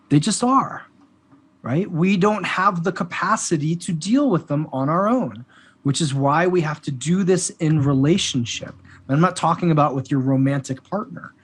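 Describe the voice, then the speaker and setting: Husky, animated male podcast guest. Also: fairly high pitch. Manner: animated storyteller who acts out quoted exchanges. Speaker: podcast guest, men's work coach. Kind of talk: conversational podcast interview.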